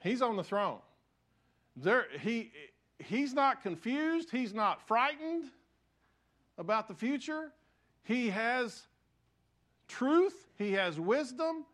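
Older male pastor, high voice, sermon, storytelling, dropping to soft hushed lines then loud again. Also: sing-song, takes it slowly, long pauses. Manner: storytelling, self-deprecating humor, swings from loud to soft.

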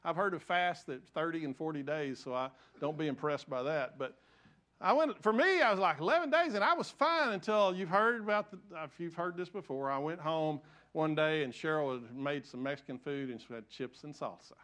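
High-voiced older pastor preaching. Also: male voice, expressive, moderate pace. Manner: storytelling, self-deprecating humor, swings from loud to soft. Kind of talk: sermon.

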